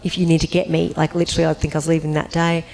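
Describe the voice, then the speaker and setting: On a convention panel, a woman tells an animated anecdote, acting out voices and breaking into high, laughing squeals. She talks very fast in a gravelly voice, and the low-quality recording carries a bit of hiss or hum.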